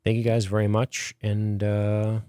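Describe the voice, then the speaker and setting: A man's voice: on the low side, monotone, a little slow, mellow, smooth, no echo, clean studio sound. A man co-hosting a podcast, chatting casually and joking sarcastically. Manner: joking, sarcastic, swears freely. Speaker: podcast co-host. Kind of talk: casual chat.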